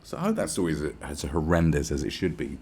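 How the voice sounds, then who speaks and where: A man's voice: a bass voice, wildly swooping pitch, fast, mellow, soft background music. A man, hosting a podcast in a crude, blunt, rambling solo rant full of swearing and sarcasm. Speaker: podcast host.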